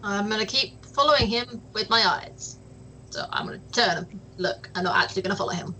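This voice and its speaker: Woman at the gaming table, bright sharp voice, casual. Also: mid-range voice, brisk, a little hiss or hum, low-quality recording. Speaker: player. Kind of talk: tabletop role-play chat.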